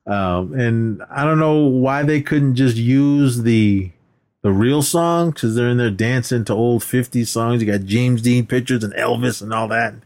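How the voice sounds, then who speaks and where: A man's voice: mid-range voice, unhurried, a little mellow. A man co-hosting a podcast, retelling film scenes in casual chat and jumping his voice up when he quotes the characters. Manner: rambling retelling, acts out lines in a raised voice. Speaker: podcast co-host. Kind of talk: casual movie recap chat.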